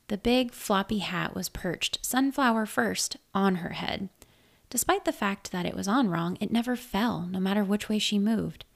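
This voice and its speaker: A woman narrating a first-person story in a measured, reflective way. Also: medium pitch, creaky.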